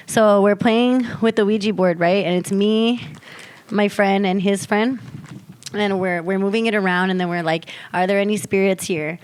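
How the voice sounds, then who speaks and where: A woman's voice: mid-range voice, moderate pace, clear, resonant tone. A woman co-hosting a casual podcast, telling a story with lots of swearing and acted-out quotes of her friends. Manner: animated storyteller, swears freely, acts out friends' lines. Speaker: podcast co-host.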